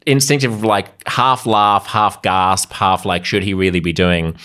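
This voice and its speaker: A middle-aged man hosting a podcast interview, articulate and animated in casual talk. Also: deep voice. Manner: articulate, animated, quick to laugh. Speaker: podcast host.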